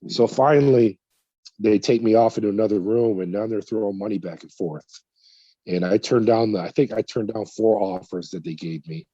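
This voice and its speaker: Middle-aged guy from california telling his story, dark husky voice, acts out what people said, kinda muffled dry audio. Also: fairly low pitch, moderate pace, dry recording. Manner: animated retelling with quoted dialogue, repeats words. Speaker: whistleblower guest. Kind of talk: conversational storytelling interview.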